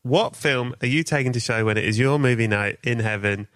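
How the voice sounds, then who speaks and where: A man's voice: mid-range voice, brisk, a bit bright, no echo. A man hosting a podcast interview, playfully spinning a gory comic scenario for his guest. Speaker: podcast host. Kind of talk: casual interview chat.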